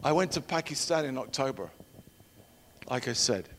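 A middle-aged man preaching a sermon and telling personal stories, shifting from loud emphatic declarations to hushed storytelling. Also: mid-range voice, expressive, normal speed, slight background noise. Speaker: preacher and missionary trainer. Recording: long hall reverb.

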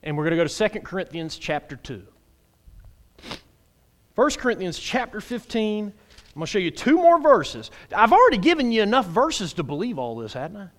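A man preaching a sermon in a folksy, playful way, swinging from hushed tones to shouts. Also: high voice, big pitch swings, moderate pace. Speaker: pastor.

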